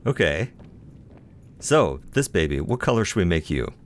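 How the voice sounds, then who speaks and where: A man with a very low voice talks through his gameplay in a loose, chatty way, musing to himself and poking fun at his own choices. A faint hiss sits behind the voice. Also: sing-song, normal speed. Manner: self-deprecating, playful. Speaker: let's play host. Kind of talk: casual gameplay commentary.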